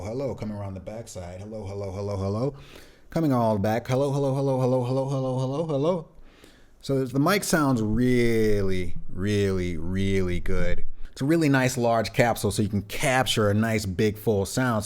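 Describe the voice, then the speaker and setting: A man with a slightly low voice talks through studio gear in a casual, enthusiastic way, often repeating his praise. He's in his home recording studio, speaking into a large condenser mic on the desk. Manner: relaxed, enthusiastic, repeats phrases. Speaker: host.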